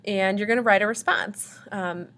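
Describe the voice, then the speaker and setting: A woman teacher talks her class through the day's directions in a recorded video. Her voice sits at a middle pitch, and her delivery is chatty and friendly, filled with frequent ums. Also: fairly even intonation, normal speed, fairly bright tone. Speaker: language arts teacher.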